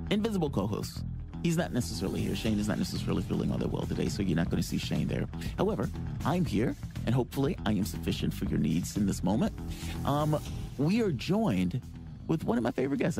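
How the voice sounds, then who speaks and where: A man's voice: on the low side, vocal fry. A man hosting a radio interview show, chatting casually and rambling a little with fillers.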